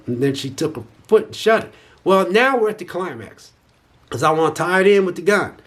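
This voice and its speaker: A man recaps a film's plot in loose, rambling casual talk, often restarting his sentences. His voice sits a bit high for a man and has a husky edge. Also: big pitch swings, fairly quick, fairly bright tone. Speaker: movie reviewer.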